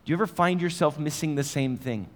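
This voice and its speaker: A male pastor preaches a sermon conversationally, asking his listeners direct questions. His voice is fairly high and fast, with a long reverb tail.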